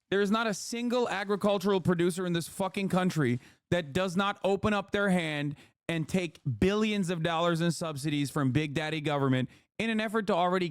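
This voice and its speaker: A man's voice: high voice, no echo, clean studio sound. A man in his thirties streaming casual political commentary, heated and profane, mocking what he reacts to. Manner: profane, heated, mocking, mimics opponents in a shouting voice.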